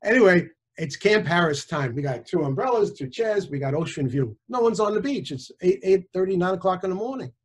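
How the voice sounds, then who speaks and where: Brief: man in his sixties, casual animated storyteller, slightly high-pitched speaking voice. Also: fairly quick, hardly any pauses, husky. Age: 60s. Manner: animated, conversational, with small restarts. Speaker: author and chiropractor, guest.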